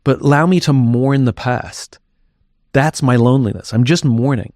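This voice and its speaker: A man's voice: medium pitch, normal speed, darkish tone, dry recording, studio quality. A man talking candidly as an interview guest, reflective and thinking aloud as he goes.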